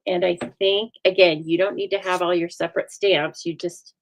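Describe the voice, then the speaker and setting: Woman, craft stream host, folksy chatter, somewhat low voice, gravelly fry. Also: steady tone, moderate pace, a little hiss or hum, low-quality recording. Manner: chatty, folksy, reads out viewer comments. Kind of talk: live-stream card-making demo.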